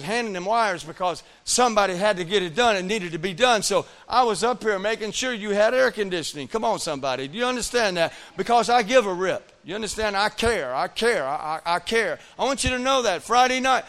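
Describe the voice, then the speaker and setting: A man preaching a sermon as pastor, telling a story with acted-out dialogue and repeatedly calling on his congregation to answer. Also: sits high. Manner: animated preaching with audience call-outs; acts out quoted dialogue in storytelling.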